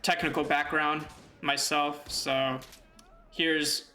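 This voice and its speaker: A man's voice: on the high side, level tone, takes it slowly, bright, forceful tone. A man talking through his ideas in an unscripted monologue, rambling with fillers and restarts and thinking aloud. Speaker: video essay host.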